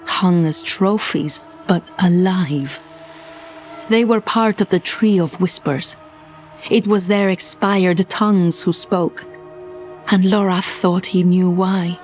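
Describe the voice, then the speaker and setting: A woman reading a dark fantasy story in measured, dramatic scripted narration. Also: fairly low pitch. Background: faint music.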